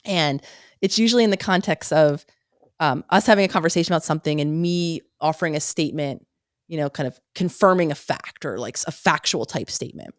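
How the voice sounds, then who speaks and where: A woman with a lowish voice, a psychologist guest on a podcast. She tells stories in an earnest way and laughs easily. Her voice sounds dry and close to the mic. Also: fairly quick, no echo. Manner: warm, laughing, earnest storytelling. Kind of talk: casual interview chat.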